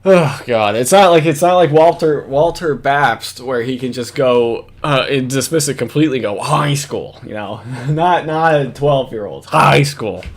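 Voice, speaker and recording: Male reaction commentator, loose and rambling, curses freely, mid-pitched voice. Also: unhurried, few pauses. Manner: rambling, swearing, laughing often, many fillers.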